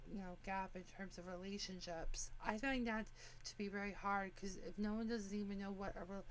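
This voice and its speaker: A woman's voice: medium pitch, a little hiss or hum. A woman in her forties hosting a talk show in casual chat, rambling with many fillers and restarts. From United States. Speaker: podcast host.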